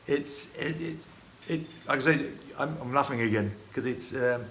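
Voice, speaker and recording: A man from the United Kingdom telling his life story in a casual, halting vlog monologue full of restarts and fillers. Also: medium pitch, steady tone, a bit bright. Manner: rambling, halting, many restarts and fillers, chuckling. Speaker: vlogger. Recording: echoey room with faint ambient noise.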